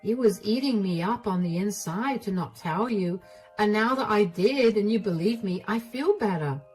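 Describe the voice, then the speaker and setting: A woman voicing a gentle, apologetic older mother. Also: medium pitch, lively intonation, normal speed, breathy edge, rough recording. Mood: anxious. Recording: faint music underneath.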